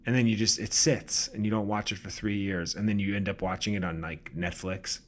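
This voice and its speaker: A man's voice: lowish voice, steady tone, a little fast, a little hiss or hum. A man co-hosting a podcast, chatting casually and joking as he rambles through stories. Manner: joking, rambling, laughs at own jokes. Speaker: podcast co-host. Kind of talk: casual chat.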